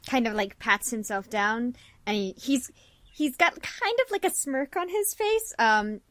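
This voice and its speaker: A woman narrating a tabletop game as game master in a relaxed, halting way. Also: fairly high pitch, dry recording.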